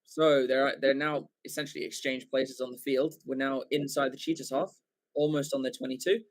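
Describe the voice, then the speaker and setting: English male watchalong commentator, excitable rambling play-by-play, mid-pitched voice. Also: moderate pace. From England. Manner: excitable, rambling with fillers and self-corrections. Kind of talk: live rugby play-by-play commentary.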